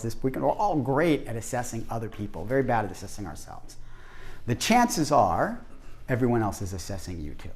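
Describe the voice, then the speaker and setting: A man's voice: on the low side, sing-song, brisk, darkish tone. A man presenting an interactive workshop to a group, talking animatedly and acting out the voices he quotes.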